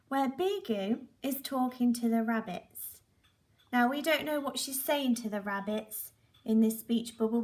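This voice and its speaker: A woman teaching young children phonics, sounding out letters and words slowly and clearly. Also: a little high, darkish tone, roomy sound. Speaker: primary school teacher.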